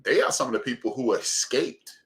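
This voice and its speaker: Bright-voiced joking man host. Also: mid-range voice, brisk. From Chicago. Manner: energetic, laughs loudly, joking. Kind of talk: live stream interview. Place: live stream video call.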